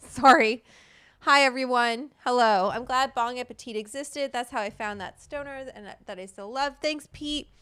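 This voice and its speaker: A woman's voice: a little high, moderate pace, pushed and bright, clear, resonant tone, no echo. A middle-aged woman hosting a casual livestream from home, chatting and reading viewer comments in a rambling, loose way with casual swearing. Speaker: livestream host, cannabis cook. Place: home room. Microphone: studio mic at desk.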